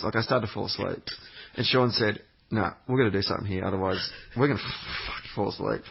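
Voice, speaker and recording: A husky, mid-range male voice belongs to a podcast regular spinning a meandering, sweary travel story full of fillers and restarts. It's rambling anecdotal chat, captured in muffled lo-fi podcast audio.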